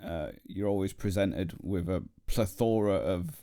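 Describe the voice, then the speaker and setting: A man's voice: low-pitched, measured pace, mellow. A man co-hosting a podcast in a studio, rambling in casual chat with many restarts. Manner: rambling, restarts sentences, laughs often. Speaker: podcast co-host.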